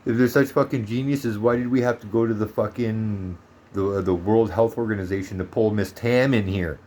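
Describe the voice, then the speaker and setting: A man's voice: on the low side, steady tone, normal speed, warm tone. A man from Canada ranting heatedly in a monologue vlog, swearing often and turning sarcastic. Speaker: vlogger.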